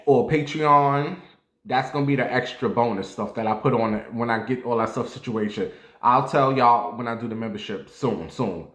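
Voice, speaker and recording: A male vlogger with a medium-pitched, bright, forceful voice chats casually and crudely to his viewers, now and then jumping suddenly into playful squeals. The recording has a roomy echo.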